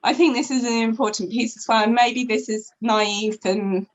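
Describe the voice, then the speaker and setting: A woman in her thirties talks as a guest on a podcast, relaxed and conversational. Her voice sits a little high, and she often restarts her sentences and fills pauses. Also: dull audio. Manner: chatty, frequent fillers and restarts. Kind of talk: casual chat.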